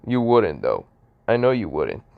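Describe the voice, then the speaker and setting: Man voicing a brash male dragon spirit in a fan audio story; crude, loud, pushy, low-pitched. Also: huge pitch swings, measured pace, creaky, highs cut off, full character voice.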